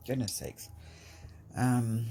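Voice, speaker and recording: Woman, chatty home vlogger, slow-paced with a lot of fry in her voice. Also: extremely low pitch, fairly even intonation, mellow, a little hiss or hum. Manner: rambling, chatty, breaks off to talk to pets. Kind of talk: casual storytelling.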